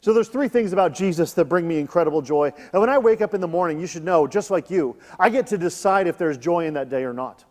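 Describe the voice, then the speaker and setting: A male pastor, likely in his thirties, giving a sermon in a church, reading scripture and talking in a relaxed, conversational way with joking asides. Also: high voice, fast, hardly any pauses. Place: church hall. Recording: long reverb of a large hall.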